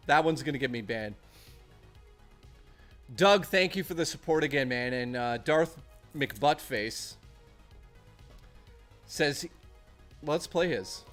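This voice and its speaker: A man's voice: mid-range voice, fairly bright tone. A man streaming casually, rambling and chatting and reading out messages from his chat.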